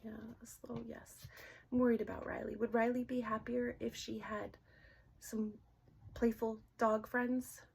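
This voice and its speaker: A middle-aged woman gently asking questions aloud in a casual session, hesitant and often dropping to a whisper. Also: on the high side, little pitch movement, creaky, breathy edge. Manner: soft-spoken, halting, often drops to a whisper. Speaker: dowsing-rod reader.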